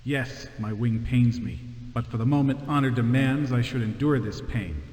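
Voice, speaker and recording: A man's voice: mid-range voice, normal speed, darkish tone, natural voice. A man voicing a proud wounded bird-man warrior. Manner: formal, honor-bound, vengeful. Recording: game audio with roomy reverb.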